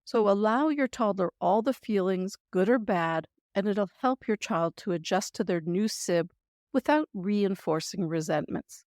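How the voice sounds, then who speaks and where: A woman hosting a parenting podcast, giving gentle, reassuring advice and sample phrasings in a scripted talk. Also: medium pitch, lively intonation, measured pace, dry recording, studio quality.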